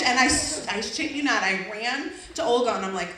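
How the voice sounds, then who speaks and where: A young woman with a high voice tells a raucous, profane story on stage, laughing through her lines. She sounds far from the mic in an echoey room, with a loud crowd and background noise behind her. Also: brisk, loud music behind the voice. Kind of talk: live storytelling. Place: stage before a live audience. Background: audience laughter and noise.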